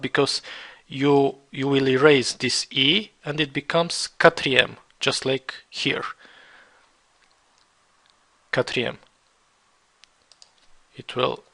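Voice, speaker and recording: A man teaching a beginner French lesson, repeating words slowly and spelling them out letter by letter. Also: mid-range voice, pushed and bright. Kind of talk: slow beginner language lesson.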